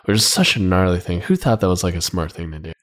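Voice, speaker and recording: A man's voice: low-pitched, lively intonation, fast talker. A man co-hosting a casual film chat, joking and acting out silly quotes. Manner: jokey, acts out silly quotes. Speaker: podcast co-host.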